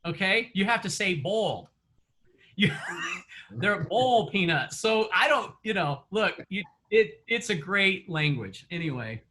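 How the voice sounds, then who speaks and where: High bright-voiced male coach, chatty, laughs a lot, quizzes the class. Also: expressive, a little slow, a little hiss or hum. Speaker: real estate coach. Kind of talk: online coaching session.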